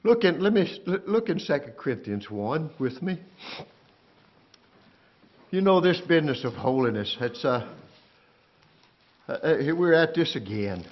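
A man's voice: a little high, very animated, measured pace, long pauses. Fervent preacher man, muffled recording. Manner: swings from shouting to near-whisper, calls out to the congregation. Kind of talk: sermon.

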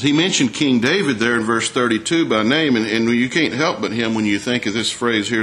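A man's voice: medium pitch, a little fast, few pauses, a bit bright. A man preaching a sermon in a folksy way, reading scripture and asking his listeners questions. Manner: folksy, asks the congregation questions, reads scripture aloud.

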